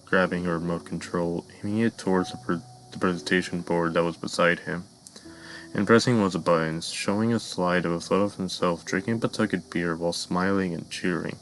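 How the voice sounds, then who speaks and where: A man narrating a dark fan-made cartoon story in a measured storytelling voice, sometimes addressing the listeners. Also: sits low, fairly even intonation, a little hiss or hum, low-quality recording.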